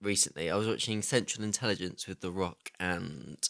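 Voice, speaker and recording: A young man, co-hosting a casual film podcast, telling stories in a lively, sweary way. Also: sits low, brisk, gravelly. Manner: lively, swearing, laughs through his stories. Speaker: podcast co-host.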